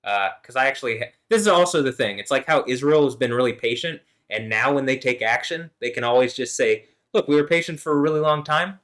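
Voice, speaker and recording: A man talking through a loose, rambling vlog, swearing as he goes. His voice is of middle pitch, and he drops into low mumbles before rising into louder, excited bursts. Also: quick pace, hardly any pauses. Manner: rambling, profane, swings between mumbling and loud laughing. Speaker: vlogger. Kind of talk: rambling monologue.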